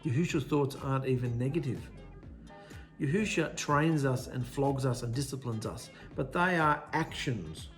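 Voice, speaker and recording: A man's voice: medium pitch, normal speed, soft background music. A man preaching a sermon with emphasis, often in short, punchy lists.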